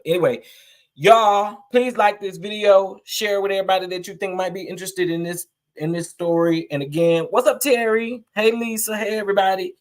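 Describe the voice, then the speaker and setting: A man's voice: high-pitched, normal speed. A man vlogging casually to his viewers, emphatic and emotional, greeting people in the chat. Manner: emphatic, preachy, greets live chatters, emotional.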